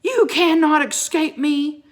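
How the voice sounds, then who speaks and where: A raging ice wizard from a storybook, roaring and hurling accusations in a loud, raised voice, as a woman reads him aloud. He speaks slowly and heavily. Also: high-pitched, voice pushed up. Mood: enraged. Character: furious grief-stricken male ice wizard.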